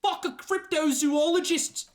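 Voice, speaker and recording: A man putting on the voice of a crude, shouting street boy with a loose Australian-sounding twang, heard from back off the mic. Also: very high voice, fairly even intonation, unhurried, voice pushed up. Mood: rowdy.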